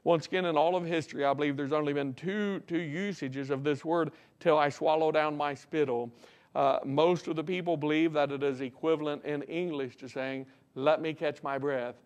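A man preaching a sermon as pastor in a church. He swings from loud, emphatic peaks to quiet, reflective passages and reads scripture slowly. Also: a little high, fairly even intonation. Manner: reads scripture slowly in old-fashioned wording. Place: church sanctuary.

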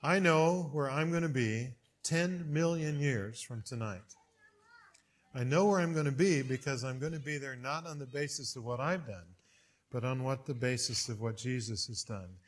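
A man preaching a sermon, telling stories with big swings in pitch and loudness. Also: moderate pace. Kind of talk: sermon with storytelling.

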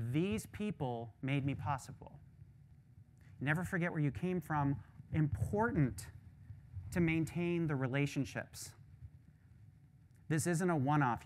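Candid, animated male professor lecturing. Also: fairly high pitch. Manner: candid, animated storytelling with casual asides. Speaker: visiting professor giving a lecture. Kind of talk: lecture closing remarks.

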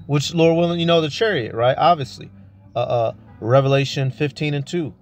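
A man's voice: a little high, normal speed, faint music behind. A man preaching a heated, profane rant full of rhetorical questions. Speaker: street preacher vlogger. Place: at a tire shop, near a vehicle.

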